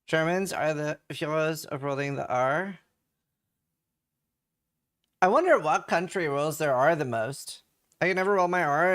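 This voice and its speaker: Man, Norwegian accent, young adult, slightly high voice, rambling livestream chatter. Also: bright, forceful tone. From Norway. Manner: rambling, chatty, reads chat aloud. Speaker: streamer reading patch notes. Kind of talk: casual livestream chat.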